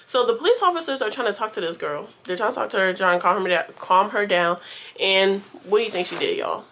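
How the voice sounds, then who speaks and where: A woman's voice: mid-range voice, expressive, fast, fairly bright tone. A young woman vlogger telling a storytime tale to her viewers in a slangy, profane, chatty way. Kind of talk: casual storytime.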